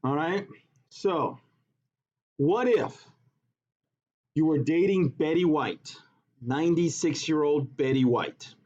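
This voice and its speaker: A male teacher giving a classroom lesson, teasing his students in a joking, animated way. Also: fairly high pitch, takes it slowly, pauses often. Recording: dull lo-fi classroom recording.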